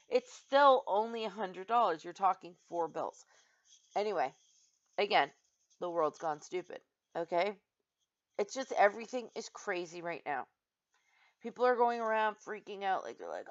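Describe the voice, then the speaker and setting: A woman's voice: mid-range voice, normal speed. Woman, vlogger, exasperated rant, casual, lo-fi sound. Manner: exasperated, animated storytelling with many "like"s. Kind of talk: casual ranting monologue. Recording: slightly dull lo-fi sound.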